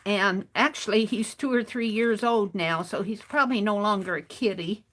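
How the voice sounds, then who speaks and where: A woman's voice: mid-range voice, moderate pace, fairly bright tone. A woman hosting a craft stream, telling a rambling, chatty story in a casual way and often restarting her phrases.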